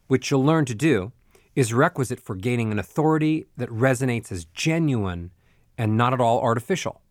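Measured male voice coach, dry sound. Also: mid-range voice, no echo. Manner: measured, instructive, gives step-by-step directions. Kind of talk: spoken voice lesson.

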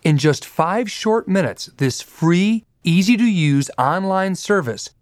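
A man's voice: high voice, expressive, slow, dry recording, clean studio sound. A man reading a scripted, persuasive promotional message for an audio program. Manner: upbeat, persuasive sales delivery. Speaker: program announcer.

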